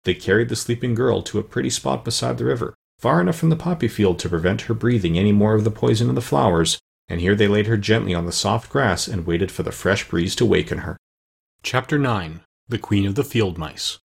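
A man reading a storybook aloud as narrator, steady and plain, with the odd small slip. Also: on the low side, fairly quick, creaky, husky. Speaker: audiobook narrator.

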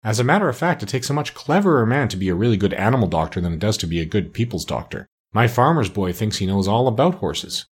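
A man's voice: lowish voice, sing-song, fast, hardly any pauses, breathy edge. A man voicing a grumbling, plainspoken male plow horse. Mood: complaining. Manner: complaining, plainspoken.

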